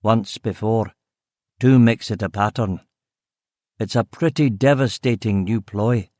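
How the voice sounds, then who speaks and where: A weary, blunt senior detective of about fifty, with a faint Scottish accent, who swears freely and speaks low and subdued, as a male narrator plays him. The voice sits lower and softer than the narration around it, recorded in a dry, close space for an audiobook. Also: unhurried, no room sound, close to an everyday voice. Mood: gruff, weary. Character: grizzled fifty-year-old male detective chief.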